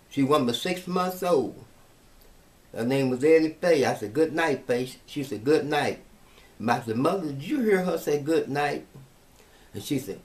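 A man's voice: medium pitch, darkish tone, recorded from a distance. A man giving a preaching testimony with a preachy manner. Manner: preachy, answers with amens and mm-hmms.

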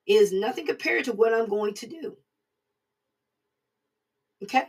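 Husky woman preacher, casual sermon, talks right at you, kinda far from the mic. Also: mid-range voice, unhurried, long pauses, a little mellow. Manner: plain-spoken, conversational, addresses listeners directly. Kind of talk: informal recorded sermon.

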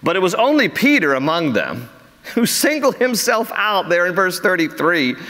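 Brief: middle-aged American man preaching, lively swooping pitch, a bit high, long church reverb. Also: moderate pace. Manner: animated, acts out quotes in raised voices. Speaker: pastor. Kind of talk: sermon.

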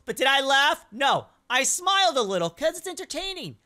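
A woman's voice: sits high, moderate pace. A young woman hosting a reaction video, chatting casually and exclaiming at funny clips. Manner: animated, exclaiming and questioning clips.

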